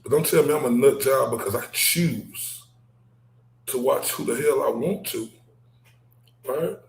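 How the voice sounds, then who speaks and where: A man from Dallas, hosting a casual livestream chat, animated and laughing, ending points with "right?". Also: mid-range voice, unhurried, creaky, roomy sound, slight background noise. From Dallas, Texas. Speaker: livestream host.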